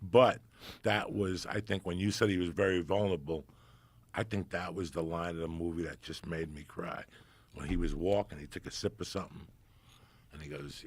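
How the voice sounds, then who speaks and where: A man, a guest on a podcast, telling stories with excited, profane energy. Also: low-pitched, normal speed, slightly rough. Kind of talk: casual podcast chat.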